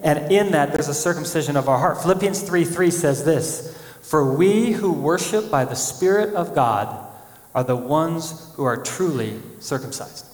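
A man preaching a sermon as pastor, animated, acting out quoted voices as he speaks. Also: on the high side, moderate pace. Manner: animated, acts out quotes of God and people. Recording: echoey church hall.

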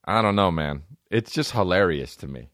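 A man with a low voice holds forth on his podcast in a loose, profane, rambling rant, breaking into mock rap rhymes. His pitch leaps and dips all over the place. The sound is dry and close, with no room echo. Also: expressive, moderate pace, a bit bright. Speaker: podcast host. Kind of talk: casual comedic rant.

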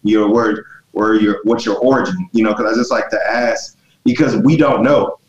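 A man's voice: fairly low pitch, steady tone, normal speed, roomy sound, highs cut off. A man from the United States, hosting a casual group discussion in long, rambling thoughts.

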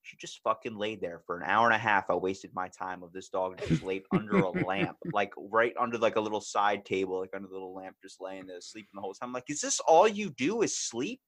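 A man's voice: on the low side, fast talker, hardly any pauses, fairly bright tone. A man hosting a casual podcast. He talks loosely, swears a lot and acts out voices as he goes. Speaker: podcast host.

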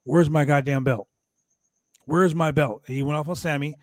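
Animated man recapping wrestling. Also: on the high side, moderate pace, no echo. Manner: animated, profane, acts out quotes from the show. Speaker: podcast host recapping wrestling. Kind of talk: casual wrestling recap chat.

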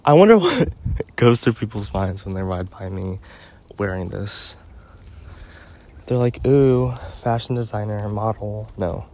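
The speaker, a teenage boy and podcast host, rambles and rants into his phone on a dog walk outdoors, leaning constantly on "like" and "um" in a casual monologue. His male voice is low-pitched, a little mellow and sing-song, a bit slow, with long pauses.

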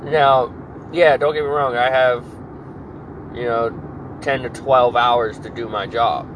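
A man's voice: medium pitch, steady tone, takes it slowly. Angry young man ranting over traffic noise. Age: 20s. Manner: angry, profane, repeats himself and restarts. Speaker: podcast host. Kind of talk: profane solo rant. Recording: clear background noise of traffic and air conditioning.

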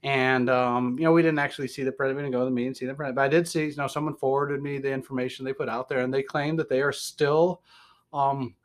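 A man's voice: medium pitch, little pitch movement, fast talker. A man with a Southern US accent hosts a podcast conversation. His talk is rambling and folksy: he chuckles, trails off and circles back to his point. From American Midwest. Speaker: podcast host. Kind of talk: casual podcast chat.

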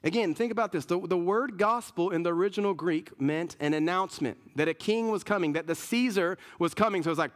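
A man's voice: high-pitched, fairly quick, hardly any pauses. A male pastor preaching a sermon in an earnest, emphatic way, often repeating words and restarting his sentences.

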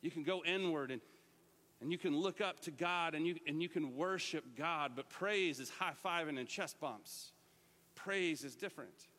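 Male pastor, high and bright, lively joking sermon, hall reverb. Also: moderate pace. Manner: lively, joking, talks straight to the congregation. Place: church sanctuary.

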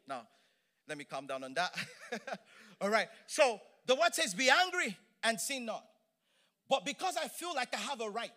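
A man delivers a sermon in a high, bright voice. He preaches with energy, leaning on words for emphasis and slipping in playful asides. He sounds middle-aged. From Nigeria.

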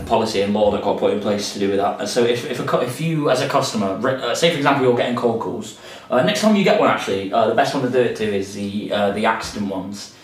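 A man's voice: lowish voice, fast talker, few pauses. A man chatting casually as a podcast co-host, sarcastic and swearing freely as he rambles with restarts. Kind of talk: casual chat. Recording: roomy echo, a bit distant, faint hiss.

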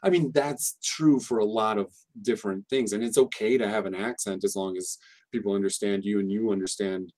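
A man's voice: on the low side, steady tone, brisk, darkish tone. A man talking casually on a podcast about teaching pronunciation, rambling and restarting often. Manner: rambling, frequent restarts and fillers, explanatory. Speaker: English teacher guest.

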